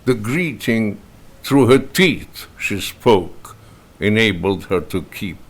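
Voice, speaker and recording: A man whose first language is Russian, reading a novel in verse aloud in a slow, measured way with pauses between phrases. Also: lowish voice, animated. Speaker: reader and translator.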